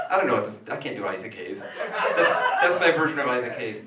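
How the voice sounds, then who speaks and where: A man performing a stand-up comedy monologue in a small café, telling an animated story that swings between hushed asides and sudden loud outbursts. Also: medium pitch, brisk, hardly any pauses, over a noisy crowd. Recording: roomy café sound from a distant camera.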